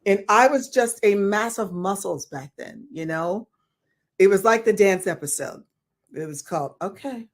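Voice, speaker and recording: An older woman telling stories as an interview guest, animated and swearing freely as she acts out the people involved. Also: fairly low pitch. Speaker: guest actress. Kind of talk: storytelling in an interview.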